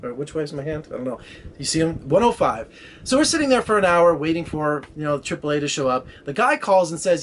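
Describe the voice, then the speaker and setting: A man talking quickly and with energy, telling a rambling story. His voice sits a little high, and he slips into the voices of the people he talks about. A faint hiss runs under the recording. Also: lively intonation. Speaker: film critic vlogger. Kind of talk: casual storytelling. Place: Las Vegas area.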